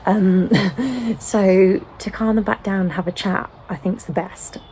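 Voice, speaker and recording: A British mother in a casual sit-down chat, explaining gently with frequent ums. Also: mid-range voice, unhurried, a little hiss or hum, rough recording. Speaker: home-educating mother.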